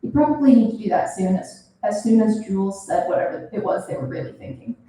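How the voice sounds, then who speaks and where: A woman's voice: mid-range voice, brisk. Young woman reading her story aloud, roomy. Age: young adult. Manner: expressive, animated reading. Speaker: student author reading her fiction. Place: reading event room. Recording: roomy, from a distance.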